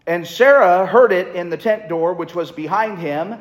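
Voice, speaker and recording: A man's voice: high voice, moderate pace. A man preaching a sermon in a conversational way, reading scripture aloud. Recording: echoey hall reverb.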